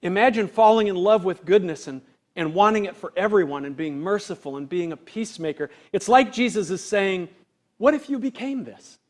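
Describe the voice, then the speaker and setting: A man, a pastor, preaching an earnest, conversational sermon full of rhetorical questions, acting out quoted voices with big swings in loudness. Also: high voice, a little fast.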